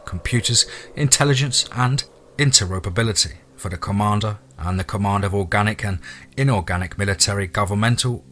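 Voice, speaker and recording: Forceful low-voiced male horror narrator. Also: slight background noise. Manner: dramatic, steady storytelling. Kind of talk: scripted audiobook narration.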